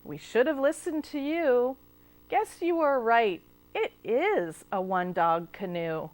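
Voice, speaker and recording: A woman putting on a sheepish, deep-voiced storybook beaver. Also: expressive, slow pace, a little mellow. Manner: lower, sheepish apology. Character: apologetic male beaver, sorry and humble.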